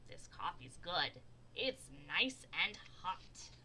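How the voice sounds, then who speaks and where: A grumpy, sleepy male groundhog, put on by a woman reading a storybook. He draws out his stubborn refusals in a bright, lively voice. He speaks slowly and loudly. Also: lowish voice, slight background noise, heavily acted, low-quality recording. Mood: cheerful.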